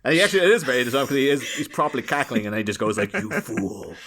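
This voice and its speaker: A man's voice: medium pitch, expressive, very fast, over a noisy crowd. A man co-hosting a podcast, chatting casually about a film and slipping into playful impressions of characters. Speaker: podcast co-host.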